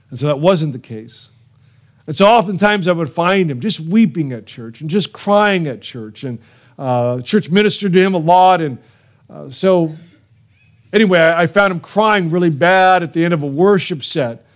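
Earnest higher-voiced male pastor preaching. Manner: earnest, emotional storytelling with repeated phrases. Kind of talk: sermon.

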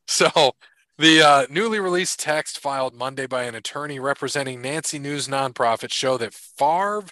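A man's voice: mid-range voice, bright, forceful tone, dry recording. A man co-hosting a podcast in loose, jokey casual chat, running through sponsor thanks and sports gossip. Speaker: podcast co-host.

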